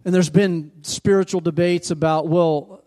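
Speaking a little slowly in a mellow, slightly high voice with fairly even intonation, a male pastor works through a scripture story. He questions his congregation aloud, building emphasis as he goes.

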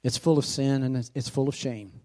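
A pastor preaching a sermon in a church who calls out for amens and asks the congregation questions. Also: male voice, medium pitch, steady tone, fairly quick, a little mellow. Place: church sanctuary.

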